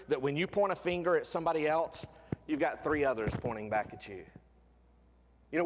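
A middle-aged man preaching a sermon as pastor, building dramatically and then dropping to hushed tones. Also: sits high. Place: church sanctuary. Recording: long reverb in a large church.

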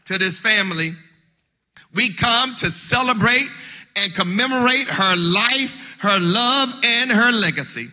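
In a church sanctuary, a male pastor preaches a funeral sermon with a rhythm that swells into shouted, sung cadences, repeating words as he launches his phrases. His voice sits high and is expressive and a little slow, with long hall reverb on the recording.

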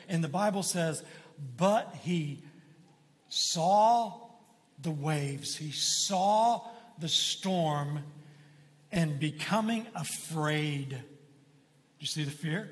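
A man's voice: on the high side, extremely slow, long pauses, in a large hall. A man preaching a sermon as pastor, talking in a folksy, conversational way with frequent asides to the congregation.

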